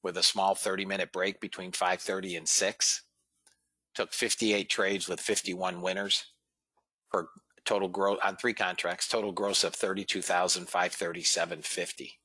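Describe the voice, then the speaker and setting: Deep bright-voiced man. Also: level tone, normal speed, husky, dry recording. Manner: casual, talks to viewers as guys and fellas, reads out numbers. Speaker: trading room host. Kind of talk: live trading room commentary.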